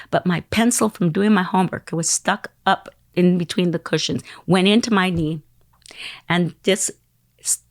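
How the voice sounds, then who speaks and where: Woman, 60s, podcast guest, lively storyteller who acts out the people she quotes, dry close mic. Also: fairly low pitch, dry recording. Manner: animated, acts out quoted voices.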